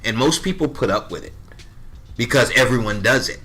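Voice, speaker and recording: This podcast guest, a man in his thirties, speaks fairly quickly in a mid-range voice that sounds pushed, bright, and animated. Telling a story in casual chat, he is blunt, swears freely, and plays out both sides of each conversation.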